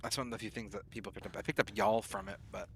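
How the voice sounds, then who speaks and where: A man's voice: fairly low pitch, steady tone, fast, gravelly, a bit bright, husky. A man, streaming a game and chatting in a rambling, easygoing way. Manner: rambling and chatty, lots of fillers. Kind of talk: casual chat while gaming.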